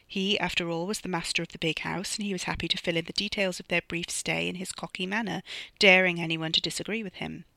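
An author reading their own novella aloud as measured, scripted narration. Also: mid-range voice, fairly even intonation, creaky, bright, forceful tone, no echo. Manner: measured storytelling.

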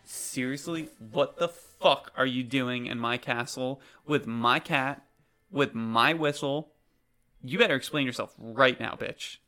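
A man's voice: steady tone, normal speed, gravelly, lightly acted. A man voicing a vain, spoiled rich young woman bully who curses and shrieks. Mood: furious. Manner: foul-mouthed, shrill and furious.

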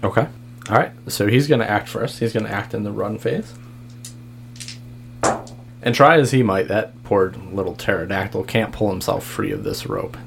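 A man's voice: on the low side, moderate pace, creaky, pauses often, slight background noise. A man narrating as game master for a tabletop game, in a laid-back way and laughing easily.

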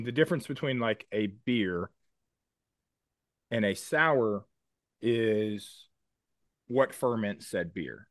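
A man with a fairly low voice talks in a casual podcast chat. He explains things eagerly and in detail and swears now and then. His voice sounds dry and close, with no room around it. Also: dry recording. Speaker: podcast co-host.

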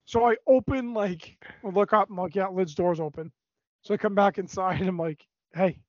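A high-voiced man tells a rambling story with plenty of swearing and energy. His voice sits dry and close in a dull, lo-fi recording. It sounds like casual podcast chat. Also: normal speed, no echo. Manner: animated, profane storytelling. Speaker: podcast co-host.

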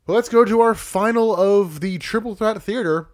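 A man's voice: high-pitched, moderate pace. A man co-hosting a casual podcast, recapping wrestling matches play by play with wry asides. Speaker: podcast co-host.

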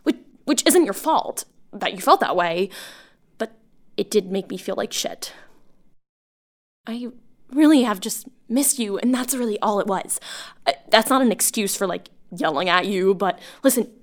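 An actress playing a lonely woman bartender who leaves long, halting voicemails for an old school friend, rambling and self-conscious. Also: medium pitch, animated, close to an everyday voice. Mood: apologetic. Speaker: voice actor. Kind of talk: audio drama monologue.

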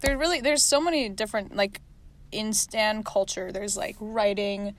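A woman's voice: medium pitch, moderate pace. Giggly young woman podcast co-host. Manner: giggly, laughs between lines. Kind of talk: casual chat.

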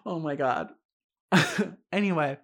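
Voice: medium pitch, normal speed. A young adult podcast host giving a casual solo film review, chatty and candid, swearing freely and laughing often. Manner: chatty with frequent fillers and asides.

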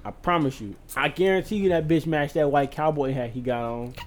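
A man co-hosting a podcast in casual chat, telling stories in an animated way and acting out other people's voices. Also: a little high, a little fast. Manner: animated storytelling, acts out voices. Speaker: podcast co-host.

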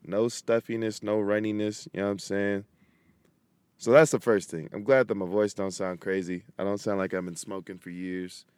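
A man's voice: fairly low pitch, flat delivery, moderate pace, darkish tone, clear, resonant tone, dry recording. A young man hosting his own podcast, chatting casually in a laid-back, slangy way and talking straight to his listeners. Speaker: podcast host. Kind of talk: casual solo podcast chat.

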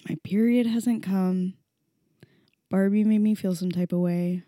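A young woman hosting her own podcast, ranting candidly and emotionally with lots of swearing. She drops to a hush at times and imitates critics in a low, mocking voice. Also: fairly even intonation, a little slow, no room sound, studio quality. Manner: emotional and profane, swinging between hushed and loud. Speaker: podcast host. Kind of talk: candid solo podcast rant.

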